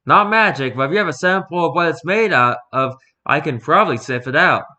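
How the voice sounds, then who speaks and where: A man voicing a brash male werewolf task-force agent who talks loud and taunting. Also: fairly high pitch, expressive, fairly quick, pitched above the performer's own voice. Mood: wry.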